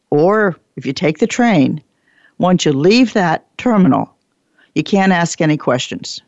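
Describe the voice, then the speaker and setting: A woman giving a training talk, animated, acting out bits of dialogue and repeating her points for emphasis. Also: lowish voice, a little slow, no echo. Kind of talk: lecture presentation. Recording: dull lo-fi dry recording.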